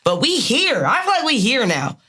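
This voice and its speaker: A woman in her twenties with a Maryland accent, co-hosting a podcast in casual, profane, animated chat. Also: sits high, normal speed, slightly rough. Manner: candid, profane, animated storytelling. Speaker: podcast co-host.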